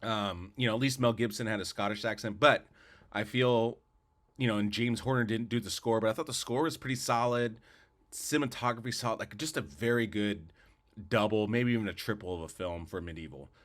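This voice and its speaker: Speaking a little fast in a lowish, somewhat bright voice, a man co-hosts a casual movie review podcast. His talk wanders, full of opinions, repeated words, and frequent restarts.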